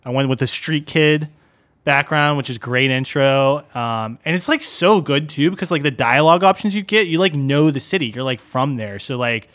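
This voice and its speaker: A young man in casual podcast chat, mid-pitched and relaxed. He rambles freely, peppering his talk with fillers and "dude". The tone stays easygoing and conversational throughout. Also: normal speed. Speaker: podcast co-host.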